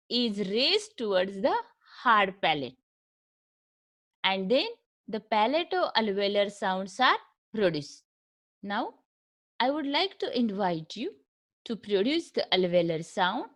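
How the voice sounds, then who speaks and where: Lively Indian woman teaching phonetics. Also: on the high side. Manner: patient teacher, repeats and drills sounds slowly. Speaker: English lecturer. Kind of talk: recorded phonetics lecture.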